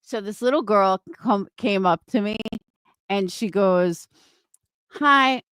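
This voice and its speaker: A woman's voice: mid-range voice, a little slow, clear, resonant tone, dry recording, clean studio sound. A middle-aged woman chatting casually on a live stream from home, swearing freely and answering viewers by name. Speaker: livestreamer and craft seller.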